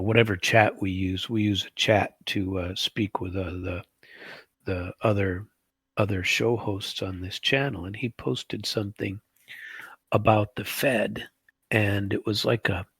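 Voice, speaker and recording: Middle-aged male host, low gravelly voice, rambling commentary, dry close sound. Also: a bit bright, no room sound. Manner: rambling, full of restarts and asides. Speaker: show host. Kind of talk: casual political commentary.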